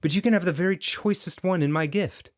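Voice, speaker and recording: A man voicing an excitable wealthy old English gentleman who speaks in eager, emphatic outbursts. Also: high voice, fairly quick, pitched above the performer's own voice, natural voice. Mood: insistent.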